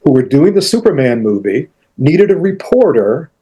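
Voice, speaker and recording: An older man spins anecdotes in a casual interview, often restarting sentences and acting out the lines people said. His voice sits a touch high but sounds mellow and husky. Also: normal speed. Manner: animated anecdotes, acts out quotes, frequent restarts. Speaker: interview guest, author.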